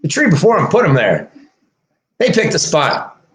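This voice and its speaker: A man talking straight to his viewers in a long, rambling rant full of swearing. His voice sits fairly high and leaps around a lot, dropping to low mutters and then climbing to shouts, with short laughs between phrases. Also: wildly swooping pitch, moderate pace. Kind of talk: rambling profane monologue.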